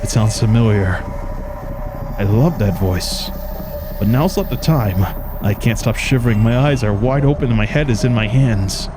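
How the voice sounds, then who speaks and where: A man's voice: lowish voice, normal speed, noisy background, close to an everyday voice. A man reading aloud the earnest, trembling inner monologue of an anxious, lovesick young male student from a game.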